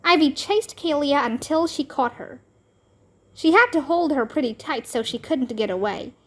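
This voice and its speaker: A woman reading a children's book aloud, narrating in a slow, expressive manner. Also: high voice. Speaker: storybook reader.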